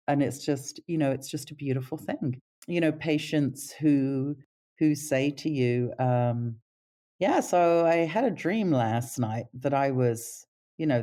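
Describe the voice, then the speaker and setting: A middle-aged woman, a palliative care nurse, telling stories in a casual interview and jumping up in pitch when she quotes people. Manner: animated pitch when quoting others.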